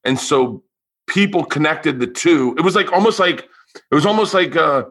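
A man hosting a podcast, telling stories in a lively way, swearing freely and acting out the people in them. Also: a little high, moderate pace. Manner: animated storyteller, swears freely, acts out voices. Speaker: podcast host. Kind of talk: casual chat.

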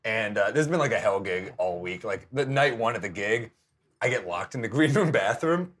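A man's voice: lowish voice, expressive, moderate pace, fairly bright tone, husky. A man guest on a casual chat, telling a self-deprecating story over dinner at home. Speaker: guest comedian. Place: home kitchen.

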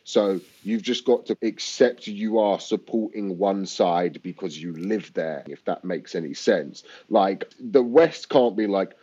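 A man's voice: low-pitched, unhurried, hardly any pauses, mellow, breathy edge. A young man talking bluntly and irreverently as a podcast guest, swearing often. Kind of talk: casual chat. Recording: dull, muffled sound.

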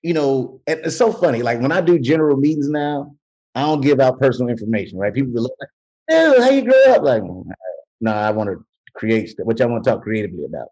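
A man's voice: mid-range voice, fast, slightly rough, poor audio. A man, an actor and comedian, telling stories in a casual interview and slipping into voices when he quotes people. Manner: animated, jumps into voices when quoting people, laughs mid-story. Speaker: actor and comedian, podcast guest. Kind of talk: casual storytelling.

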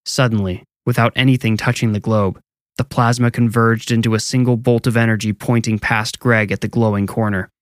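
A man narrating a scripted first-person horror story in a measured, low-key way. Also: flat delivery, dry recording, studio quality. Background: music.

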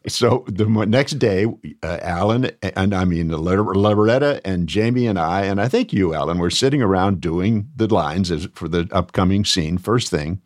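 A man telling a backstage anecdote as a podcast guest, animated and often laughing as he talks. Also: low-pitched, moderate pace, hardly any pauses, no echo, clean studio sound. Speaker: guest, former cast member. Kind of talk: anecdote storytelling.

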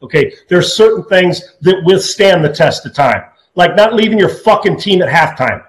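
A man hosting sports talk radio, blunt and opinionated, talking fast with many restarts. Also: high voice, animated, echoey room, low-quality recording.

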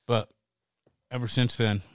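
In a dry recording, a middle-aged man guesting on a podcast relates a wild story at an unhurried pace in a mid-range voice. His manner is relaxed and animated, full of laughter and free swearing.

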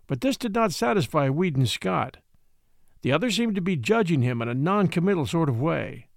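A man reading a classic novel aloud in measured storytelling style. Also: a little high, expressive, creaky, no room sound, clean studio sound. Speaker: audiobook reader.

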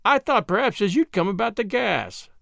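A man's voice: high-pitched, big pitch swings, normal speed, creaky, fairly bright tone, dry recording, clean studio sound, voice pushed up, exaggerated voice. A man voicing a slatternly woman servant in a storybook reading, with terse, blunt replies.

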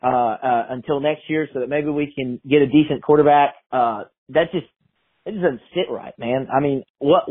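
A man's voice: mid-range voice, husky, dry recording. A man in his twenties calling in to a sports show, rambling and exasperated. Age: 20s. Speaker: caller. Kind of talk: phoned-in voicemail. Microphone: phone. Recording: tinny dry phone line.

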